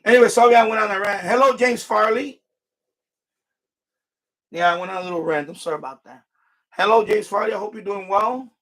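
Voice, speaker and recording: High, gravelly man rambling on a live stream. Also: a bit bright. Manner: rambling, frustrated asides and mild swearing; repeats himself and restarts sentences. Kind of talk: casual live stream chat.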